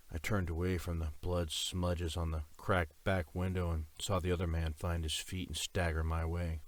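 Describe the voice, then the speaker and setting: A man reading a first-person story aloud as an audiobook narrator, slow and measured. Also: deep voice.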